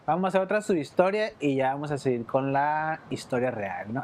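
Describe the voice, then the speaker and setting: A man giving casual gameplay commentary in a low, laid-back mutter. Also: quick pace, darkish tone. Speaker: streamer.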